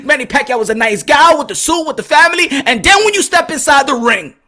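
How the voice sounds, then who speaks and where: A man giving casual boxing commentary, animated and emphatic, often repeating himself. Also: extremely high pitch, fast.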